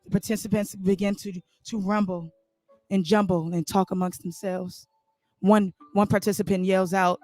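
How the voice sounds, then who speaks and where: A man's voice: high-pitched, flat delivery, moderate pace, darkish tone, faint music behind. A man hosting a podcast, telling a comic improvised story with loose, rambling asides to listeners. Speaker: podcast host.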